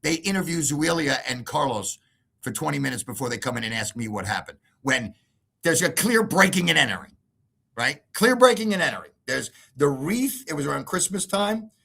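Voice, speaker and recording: A man's voice: fairly high pitch, vocal fry, breathy edge. A man in an interview, telling a heated story emphatically and acting out other people's words with lots of repetition. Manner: animated, acts out quoted voices, emphatic repetition. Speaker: interview guest.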